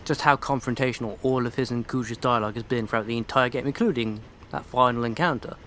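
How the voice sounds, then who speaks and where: A man talking over his own gameplay in a loose, casual way, full of sarcastic, mocking asides. His voice sits in an everyday middle pitch, with a faint hum of noise behind him. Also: fast talker, a bit bright. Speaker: let's play commentator.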